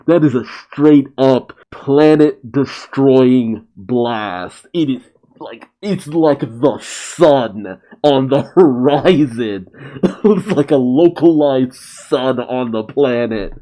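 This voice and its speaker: A man talks through a manga chapter in a relaxed, unhurried way, his voice mellow and dark. He gets excited, laughs often, swears and acts out the characters' lines as he recaps. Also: medium pitch. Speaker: manga reaction host. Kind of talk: casual manga reaction recap.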